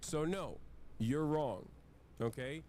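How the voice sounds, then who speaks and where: A man in a played stream clip, explaining his view in a halting, lecturing way. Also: on the high side, dark tone, a little hiss or hum. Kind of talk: explaining, casual.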